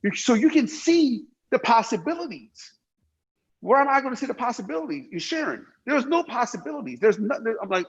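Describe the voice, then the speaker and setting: A man's voice: very high voice, very animated, fairly quick, husky, dull audio. A middle-aged man from Iran telling his life story emphatically in an interview, repeating himself and swearing freely. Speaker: guest.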